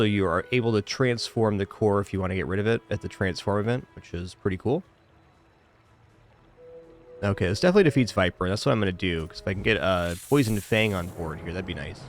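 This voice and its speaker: Male streamer, somewhat low voice, casual thinking-aloud commentary, faint music underneath. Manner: thinks aloud, weighing choices.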